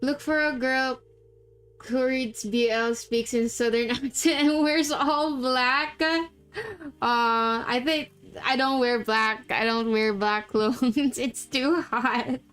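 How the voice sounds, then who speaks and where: A giggly young woman from the Philippines talks in an unhurried, slightly high voice as she streams a game. Her tone is smooth and clear, and she laughs and swears casually. Faint music plays behind her. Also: fairly even intonation, fairly bright tone. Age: young adult. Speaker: VTuber streamer. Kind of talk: casual live-stream chat while gaming.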